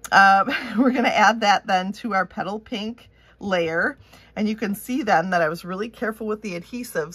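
Upbeat Minnesotan woman narrating a hands-on craft demo, chatty and relaxed, mid-range voice. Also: mid-range voice, husky, no room sound. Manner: chatty and upbeat, thinking aloud while working. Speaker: craft instructor. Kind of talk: casual step-by-step craft tutorial.

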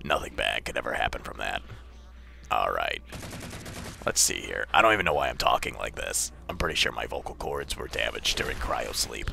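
A man voicing a gruff, cocky, crude armored super-soldier in a deep gravelly put-on voice, giving comedic gameplay commentary. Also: lively intonation, normal speed, bright, forceful tone, slight background noise, full character voice. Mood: swaggering. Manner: brash, profane, yelps when startled. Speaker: let's play gamer.

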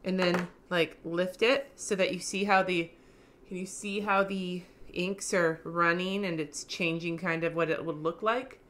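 A woman vlogger giving a casual, slangy craft tutorial, cussing freely, her voice going a little hoarse. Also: fairly low pitch, fairly even intonation, unhurried, fairly bright tone, a little hiss or hum.

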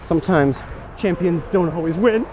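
Man goalie mic'd up on the ice, slightly high voice, dry self-mocking wit, loud rink noise behind. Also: normal speed. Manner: joking, self-deprecating banter. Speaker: hockey goalie. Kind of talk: mic'd-up game commentary. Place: hockey rink during a game. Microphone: helmet-mounted action camera.

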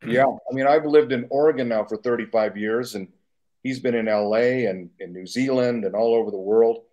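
A man's voice: mid-range voice, moderate pace, darkish tone, muffled recording. A man in his sixties, a guest makeup artist, telling casual stories in a rambling, self-correcting way with chuckles, speaking over a remote video call. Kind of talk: casual anecdotal storytelling.

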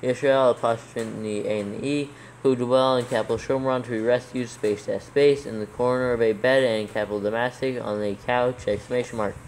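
Man, mid-pitched voice, steady dictation, calls out every comma and capital, faint background hiss. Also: poor audio. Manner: reads slowly, calling out punctuation and capitals. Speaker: proofreading reader. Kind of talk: dictating scripture text aloud.

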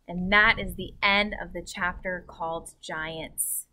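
Bright-voiced woman reading aloud to kids. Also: lowish voice, slow pace, few pauses. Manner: clear, expressive storytelling. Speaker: teacher. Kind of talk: children's book read-aloud.

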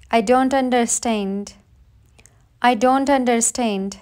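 A woman with a high voice reads short everyday phrases for beginners. She speaks very slowly and carefully, often saying each phrase twice so learners can repeat it. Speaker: English teacher. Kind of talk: slow read-aloud phrase drill.

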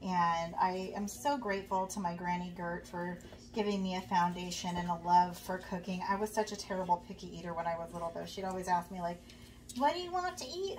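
A young woman chatting casually to her viewers while cooking in her home kitchen, friendly and rambling, with lots of fillers. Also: on the low side. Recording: faint background noise, a bit distant from the mic.

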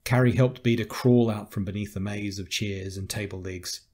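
A man narrating a science fiction audiobook in a measured, steady read. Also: on the low side. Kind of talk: scripted narration.

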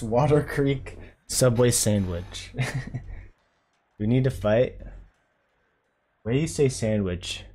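Laid-back streamer man, low voice. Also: a little mellow. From North Carolina. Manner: laid-back, rambling, chuckling. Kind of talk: casual live-stream chat.

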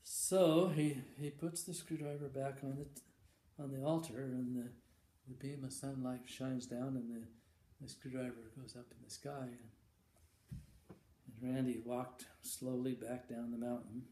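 A man telling a long shaggy-dog joke, halting and repeating words, chuckling now and then. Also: mid-range voice, little pitch movement, mellow. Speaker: joke teller. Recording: echoey room with faint ambience.

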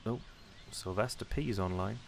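A man's voice: on the low side, moderate pace, creaky, a little hiss or hum. A man giving casual gameplay commentary, chatty and self-mocking, often muttering to himself as he plays. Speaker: let's play commentator.

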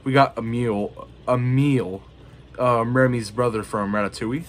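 A man's voice: medium pitch, fairly even intonation, moderate pace, a little hiss or hum. A man casually showing off his collection to the camera, rambling with lots of ums and you-knows. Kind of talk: casual show-and-tell.

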